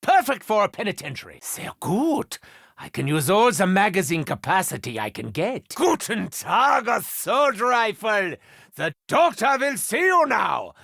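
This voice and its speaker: An actor playing a manic, gleeful male mad scientist in a video game, with a German accent, theatrical delivery and sudden shouts and cackles. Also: sits high, sing-song, unhurried, creaky, no room sound, clean studio sound, heavily acted.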